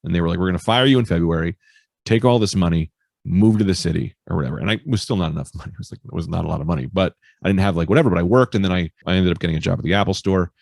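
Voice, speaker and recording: Low rough-voiced comedian guy, cursing, telling stories, dry mic. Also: very fast, dry recording. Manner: animated storyteller, swears freely, acts out quoted voices. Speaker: stand-up comedian, podcast guest. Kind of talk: casual interview chat.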